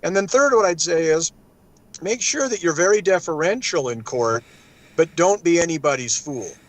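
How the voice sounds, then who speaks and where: A man giving legal advice in a casual panel talk, acting out judges and clerks in lively quoted asides. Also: a little high, normal speed, low-quality recording.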